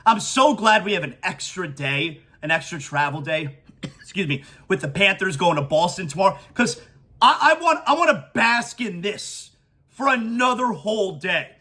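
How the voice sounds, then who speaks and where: Sports talk host, man, high, bright, emotional, stammering and gushing. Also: animated, normal speed. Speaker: podcast host. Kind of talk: excited sports talk monologue.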